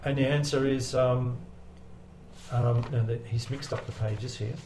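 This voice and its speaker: A man's voice: medium pitch, fairly even intonation, measured pace, a little mellow, echoey room, a little hiss or hum. A man, a guest UFO investigator, retelling a story and reading from a radio transcript in a conversational way, with many ums and frequent checks of "right?".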